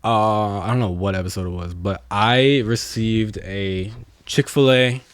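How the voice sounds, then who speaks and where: A man's voice: lowish voice, fairly even intonation, a little slow, clear, resonant tone, no room sound. A young man co-hosting a podcast, telling a story in casual chat, with plenty of swearing and exasperated outbursts. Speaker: podcast co-host.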